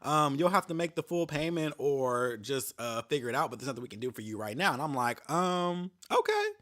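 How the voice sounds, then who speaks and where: A man's voice: mid-range voice, brisk, fairly bright tone. A young adult man hosting a podcast, telling a story in a casual, profane rant and mocking the people he quotes. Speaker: podcast host.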